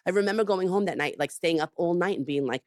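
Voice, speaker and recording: A woman's voice: fairly low pitch, fast talker, dry recording, studio quality. A woman chef being interviewed, telling her story emphatically with lots of "like" and "you know.". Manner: animated, emphatic retelling with frequent "like". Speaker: chef, podcast guest.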